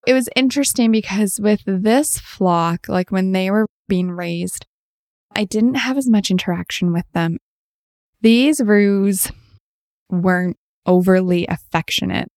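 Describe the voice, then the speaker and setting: Slow, gravelly-voiced woman podcast host. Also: lowish voice, darkish tone, no echo, studio quality. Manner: tender, emotional, reflective. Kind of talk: heartfelt podcast storytelling. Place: farm.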